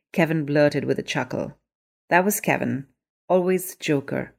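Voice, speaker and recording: A woman narrating her own short story in an even, clear storytelling manner. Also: low voice. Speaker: story author and reader. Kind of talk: scripted narration.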